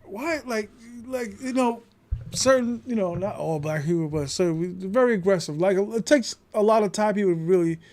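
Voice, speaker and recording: High-voiced New man, emphatic. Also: normal speed, slight background noise. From New York City. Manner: emphatic, animated storytelling with frequent swearing. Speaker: podcast guest. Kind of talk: casual conversation.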